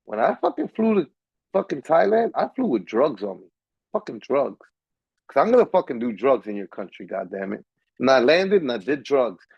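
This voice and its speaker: A man's voice: mid-range voice, dry recording, highs cut off. An American man co-hosting a casual live stream, lecturing profanely and with lots of energy. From United States. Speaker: stream co-host.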